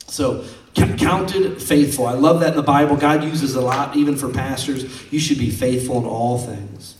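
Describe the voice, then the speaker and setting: A man's voice: medium pitch, moderate pace. A male pastor preaching a sermon, telling stories in a folksy, conversational way. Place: church sanctuary. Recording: roomy sound from far off.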